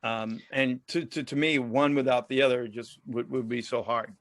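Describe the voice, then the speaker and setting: A man's voice: medium pitch, fairly even intonation, moderate pace, a bit bright, no room sound, studio quality. A man guest on a podcast, telling stories in a joking, laughing way. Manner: jokey, laughs often, acts out other people in stories. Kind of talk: casual storytelling interview.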